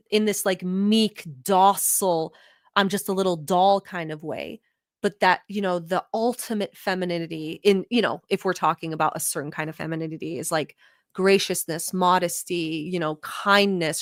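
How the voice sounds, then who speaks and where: A woman's voice: medium pitch, no room sound, studio quality. Blunt, swearing woman reacting to a video. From Middle East. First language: not English. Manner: blunt, profane, animated. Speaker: vlog host. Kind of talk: reaction commentary.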